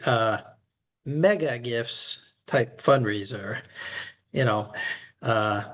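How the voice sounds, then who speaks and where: Slow, reflective male podcast host. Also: mid-range voice, a bit bright. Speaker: podcast co-host and leadership coach. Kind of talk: casual podcast conversation.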